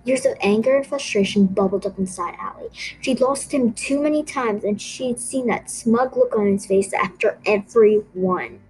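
A woman narrating a children's story with a steady, expressive reading. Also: mid-range voice, moderate pace, low-quality recording.

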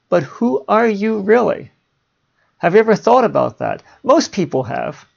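Guy with a gravelly voice rambling thoughtfully about big questions, dull lo-fi recording. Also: fairly high pitch. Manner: musing, chuckles at his own asides. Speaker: podcast host. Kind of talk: casual philosophical monologue.

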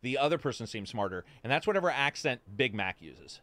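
A streamer hosting a casual voice chat tells animated stories full of swearing, acting out his friends' lines. His voice is medium-pitched and fairly quick.

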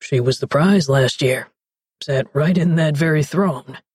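A woman narrator voicing a jovial middle-aged man, a future stepfather, in a lowered, husky voice. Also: a little slow, a little mellow, no room sound, clean studio sound. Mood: gentle. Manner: fake British accent, kindly.

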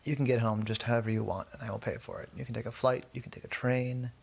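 A gentle, appreciative woman client thanking her detective, as a man puts her on. She speaks softly, with a gravelly texture. It is part of a told storybook mystery. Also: mid-range voice, level tone, quick pace. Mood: grateful. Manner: soft-spoken, appreciative.

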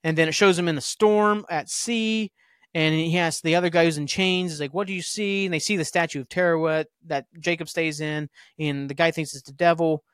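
A man's voice: fairly high pitch, fairly bright tone, clean tone, dry recording, studio quality. A young man hosting a podcast, casually recapping a TV episode with rambling, offhand asides. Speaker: podcast host.

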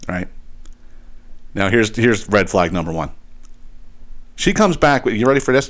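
A man's voice: on the low side, normal speed. Profane, exasperated man ranting. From eastern Pennsylvania. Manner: profane, exasperated, animated retelling. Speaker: podcast host. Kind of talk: casual storytelling rant.

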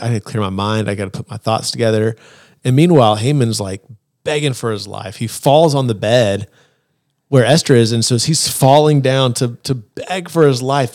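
A man hosting a podcast, casually retelling a Bible story and acting out the characters' lines in quick voices. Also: medium pitch, a little mellow, no echo, clean studio sound. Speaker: podcast host.

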